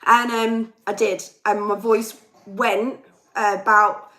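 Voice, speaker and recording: Girl ranting on a live chat, chesty worn voice, medium pitch. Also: level tone, takes it slowly, bright, forceful tone, rough recording. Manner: chatty, ranting, reads viewer comments aloud. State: chesty, losing her voice. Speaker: livestream host and singer. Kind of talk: casual live chat with viewers.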